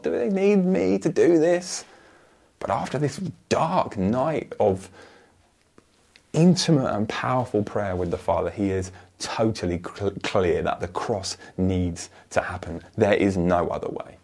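A man preaching a sermon, lively and earnest, acting out imagined voices and often repeating words as he starts a thought. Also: fairly low pitch, creaky. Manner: animated, acts out voices of others, repeats words when starting.

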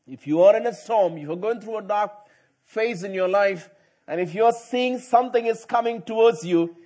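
Preaching a sermon, a middle-aged pastor with a high-pitched, husky voice moves from quiet, chatty storytelling to loud, emphatic delivery.

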